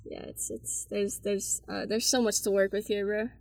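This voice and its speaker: A woman's voice: medium pitch, level tone, normal speed, creaky, darkish tone, no room sound, studio quality. A young woman casually telling embarrassing stories, laid-back and full of "like" and "bro". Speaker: interviewee. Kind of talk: casual storytelling.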